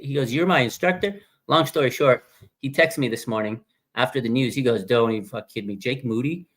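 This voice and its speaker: Slangy, animated fan-show host, man. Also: mid-range voice. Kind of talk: casual live-stream sports chat.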